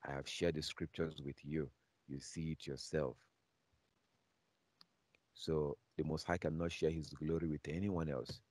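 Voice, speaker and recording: A man teaching a bible class, emphatic and repetitive, reading scripture aloud slowly and repeating key phrases again and again. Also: rumbling low, darkish tone, no echo.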